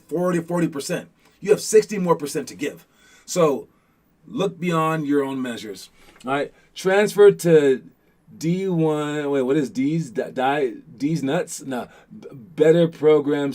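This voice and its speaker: A man's voice: on the high side, darkish tone. A young man hosting a basketball show in a casual motivational talk, rambling with many restarts and frequent "all right?" check-ins. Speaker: host of a youth basketball show.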